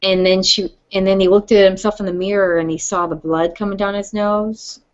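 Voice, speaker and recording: A woman's voice: medium pitch, level tone, fairly quick. A woman co-hosting a casual podcast chat, often chiming in with agreement and retelling scenes conversationally. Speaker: podcast co-host. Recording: dull lo-fi podcast audio.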